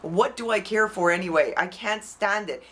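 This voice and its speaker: Recorded on a camera mic, a woman with a medium-pitched, fairly bright voice vents at a moderate pace. She's a YouTuber in the middle of an emotional vlog rant, heated, frustrated, outspoken and cursing freely.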